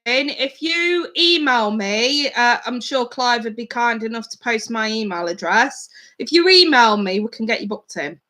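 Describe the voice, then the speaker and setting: A woman's voice: a little high, lively intonation, unhurried, hardly any pauses, sharp tone. A woman giving live tarot readings to her viewers in a chatty, blunt way, swearing casually. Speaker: tarot reader.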